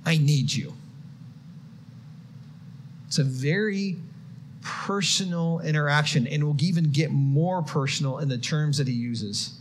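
Male preacher, expressive sermon delivery, slight background noise. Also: a little high, normal speed. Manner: expressive, swings from quiet to shouted quotes.

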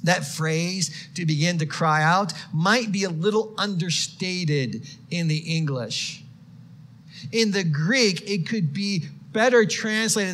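Preacher with a higher voice. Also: male voice, takes it slowly. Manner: expressive, swings from quiet to shouted quotes. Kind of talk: sermon.

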